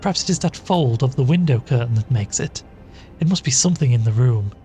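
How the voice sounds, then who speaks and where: A man's voice: medium pitch, animated, fairly quick, warm tone, faint music behind, natural voice. A man voicing a timid, horror-stricken woman in a ghost story, stammering in fear. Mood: frightened. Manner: stammering, scared.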